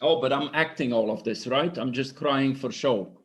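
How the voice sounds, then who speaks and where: A man giving an impassioned, blunt motivational pitch to an online group, swearing freely and sounding emotional. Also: moderate pace. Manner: intense, blunt, swearing, preachy. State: emotional, sniffling. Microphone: online conference microphone.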